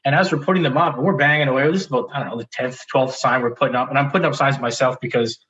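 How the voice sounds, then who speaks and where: A man speaks as an interview guest at a middle pitch. He tells a personal story in an animated, candid way, often restarting his sentences. The sound is a little dull and muffled. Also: very fast. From Canada. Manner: animated, restarts often, laughs while telling.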